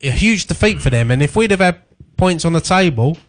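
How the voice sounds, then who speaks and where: Easygoing Cockney man, raised pitch. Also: expressive, fairly quick. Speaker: radio show co-host. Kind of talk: casual football chat.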